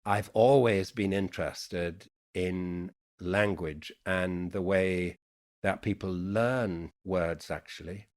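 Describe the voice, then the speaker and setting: A middle-aged man with a mixed Yorkshire, Irish and American accent, speaking in an unhurried, thoughtful way as a guest poet in a reflective conversation. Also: low-pitched, darkish tone. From England, Yorkshire.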